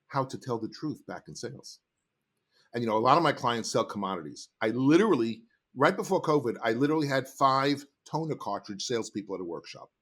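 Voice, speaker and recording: A middle-aged man, a sales trainer, telling stories in an animated, emphatic way as a podcast guest. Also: medium pitch. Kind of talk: casual interview talk.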